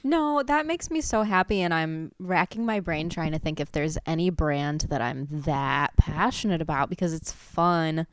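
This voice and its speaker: Podcast host, female, lower smooth voice, easy reactive chat, dry close mic. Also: animated, normal speed, hardly any pauses, no room sound. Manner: warm reactive listener. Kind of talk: casual chat.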